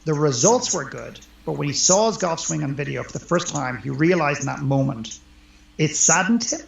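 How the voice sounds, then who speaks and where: This man's voice is fairly high with lively intonation, vocal fry and a normal speed. A life coach by trade, he is an earnest, emphatic guest in a conversational interview recorded with roomy, dull lo-fi sound.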